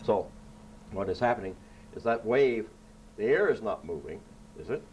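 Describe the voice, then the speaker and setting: Indoors, a man with a fairly low voice explains science to kids in a laid-back, playful way, often tossing in a quick "right?" to check they're following. Faint hiss sits beneath his voice, and the high frequencies are cut off.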